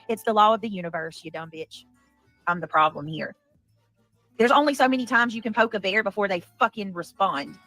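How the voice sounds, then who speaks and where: In a played clip from a livestream, a woman with a slightly high, somewhat bright voice rants angrily at her critics. She's heated, profane, and rambling.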